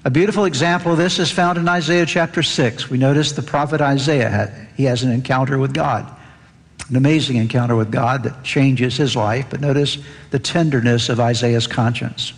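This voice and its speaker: A man's voice: steady tone, normal speed, husky. A man preaching an earnest sermon as pastor, lifting his voice when he reads scripture aloud. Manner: earnest, rises in pitch reading scripture aloud. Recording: long hall reverb.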